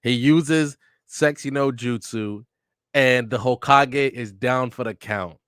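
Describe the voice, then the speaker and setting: A man's voice: medium pitch, slow pace, a bit bright, clean tone, dry recording, clean studio sound. A man reading a comic aloud and reacting, in a slangy, joking way, reading the lines in his plain voice. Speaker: manga reader reacting. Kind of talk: casual read-along reaction.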